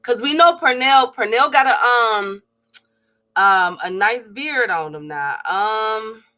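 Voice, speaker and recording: A woman with a bright, forward voice talks boxing in an unhurried, hesitant way, thinking aloud between her points. She takes her time, pausing often to search for names. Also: on the high side, lively intonation. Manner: slow and musing, many hesitations. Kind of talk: casual live stream banter.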